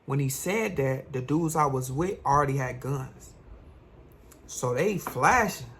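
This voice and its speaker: A young man, a vlogger, tells a personal story in an animated, slangy way. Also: medium pitch, unhurried, gravelly, a little hiss or hum. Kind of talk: storytime vlog.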